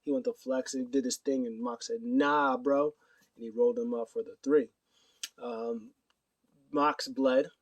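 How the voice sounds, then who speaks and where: A man's voice: mid-range voice, fairly even intonation, moderate pace, a little mellow, breathy edge, no echo, far from the mic. A man casually recapping wrestling news to his camera, rambling with many fillers and acting out quotes. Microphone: camera mic.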